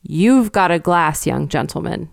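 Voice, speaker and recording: A woman's voice: fairly low pitch, animated, unhurried, creaky, dry recording, studio quality. Woman doing grave old country shepherd. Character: gruff old rustic male shepherd, grave and superstitious. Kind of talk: storybook reading.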